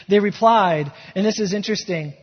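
A man's voice: high-pitched, fairly quick, breathy edge. Male pastor, sermon, long hall reverb, muffled lo-fi recording. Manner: storytelling preacher, building to impassioned emphasis. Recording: echoey hall, dull lo-fi sound.

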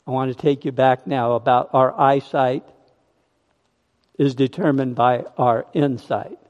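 Male pastor, slow emphatic sermon, higher voice, echoey hall. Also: darkish tone, lo-fi sound. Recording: long hall reverb.

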